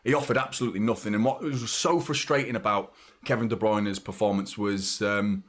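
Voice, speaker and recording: A man's voice: lowish voice, fairly even intonation, a little fast. A man in his thirties hosting a football watchalong live stream, talking casually and rambling as he reads out viewers' messages. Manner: chatty, rambling, reads out super chats.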